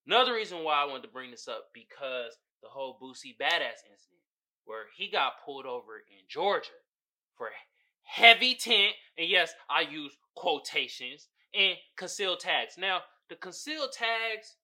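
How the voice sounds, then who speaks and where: A podcast host delivers casual solo commentary, his voice sitting on the high side. He's animated and profane, laughing often and slipping into different voices.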